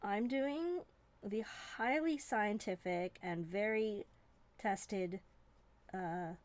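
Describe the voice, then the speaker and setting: A woman from Canada hosting a live stream, chatting in a rambling, playful, self-mocking way from a desk indoors. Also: mid-range voice. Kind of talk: casual live-stream chat.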